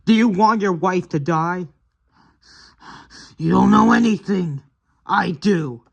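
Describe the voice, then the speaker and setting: A woman's voice: lowish voice, a little slow, dull audio, voice pushed up. A woman playing a stern, threatening protector. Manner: steady, threatening. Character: stern, protective man confronting an abuser.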